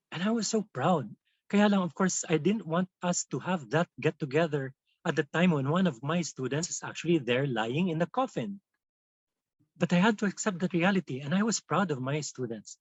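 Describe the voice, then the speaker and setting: A Filipino-accented man tells stories in a lively way to a webinar of teachers, and his voice sits a little high. His audio is dull and lo-fi, recorded close and dry with no room sound. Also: normal speed, husky, dry recording. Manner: animated storytelling, switching between English and Tagalog. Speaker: teacher trainer. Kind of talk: webinar storytelling lesson.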